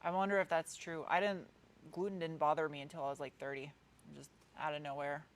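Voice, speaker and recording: A woman in her thirties with a New England accent runs a car channel and answers viewers' comments on a live stream. Her voice sits low with a level tone, and she talks fairly quickly, chatty and meandering with frequent restarts.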